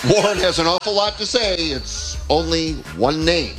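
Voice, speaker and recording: A man's voice: fairly high pitch, lively intonation, moderate pace, music in the background, rough recording. A man hosting a live trivia game on a radio show from a restaurant event, reading questions and teasing the contestants. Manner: playful, teasing, laughs often.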